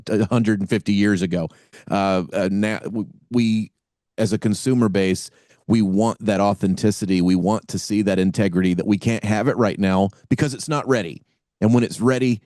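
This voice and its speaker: A man's voice: low voice, mellow, no room sound, clean studio sound. A man hosting a podcast interview, enthusiastic and often restarting his sentences. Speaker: podcast host.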